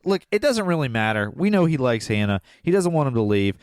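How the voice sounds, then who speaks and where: A man's voice: medium pitch, big pitch swings, brisk, dry recording. A man in his forties, a podcast co-host casually recapping a movie plot, rambling with many filler words. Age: 40s.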